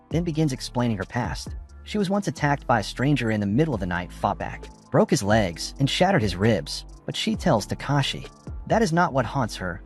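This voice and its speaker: Brief: male narrator, mid pitch, animated read, soft music bed. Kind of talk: scripted recap narration. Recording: faint background music.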